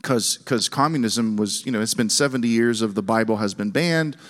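A middle-aged man preaching and telling a story, animated, with frequent restarts and a voice that jumps higher when excited. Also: brisk. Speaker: guest speaker. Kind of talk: sermon storytelling. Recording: long hall reverb.

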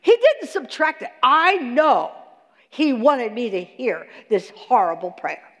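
A woman teaches a sermon in a big hall, her high voice climbing and dropping as she questions her listeners. She speaks slowly, and the words ring on in the long reverb of the room. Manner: animated, talks to the audience with questions. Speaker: Bible teacher.

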